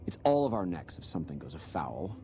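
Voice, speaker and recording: A haughty society gentleman in a video game, with a very low voice and stiff, formal phrasing. The line sits under loud, steady background noise from the game. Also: a little fast. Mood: disdainful. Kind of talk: video game character dialogue.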